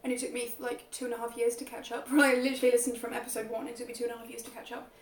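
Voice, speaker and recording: A woman's voice: on the high side, level tone, racing, far from the mic. Chatty woman in a roomy room. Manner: chatty, many "like" fillers. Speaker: co-host. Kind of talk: casual chat over a meal. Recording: roomy echo, away from the mic.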